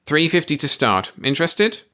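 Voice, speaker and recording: A man's voice: a little high, sing-song, bright, forceful tone, pitched above the performer's own voice. A man doing a stern, calculating shop boss. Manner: stern, measured.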